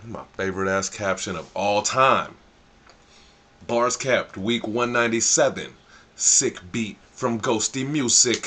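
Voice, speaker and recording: A man's voice: medium pitch, measured pace, fairly bright tone. A man hosting a livestream in a casual, joking way, reading viewer captions aloud and swearing freely. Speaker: livestream host.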